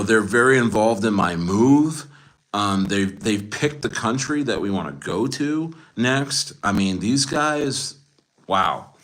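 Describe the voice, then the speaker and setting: A man's voice: lowish voice, a bit bright. A man in his forties hosting a livestream, chatting boastfully with viewers in a rambling way full of restarts. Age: 40s.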